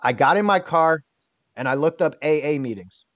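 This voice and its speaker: A man in his thirties, appearing as a podcast guest, tells a personal story with candor, emotion, and bluntness, swearing offhandedly and often starting over. His voice sits a little high, with lively intonation and a moderate pace. The recording is dry, dull, and lo-fi, with no echo.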